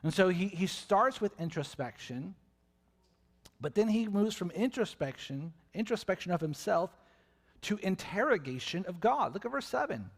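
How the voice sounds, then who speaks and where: Male pastor, mid-high voice, animated sermon delivery, long church-hall reverb. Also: moderate pace. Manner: animated, acts out voices and questions with big swings in loudness. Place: church sanctuary.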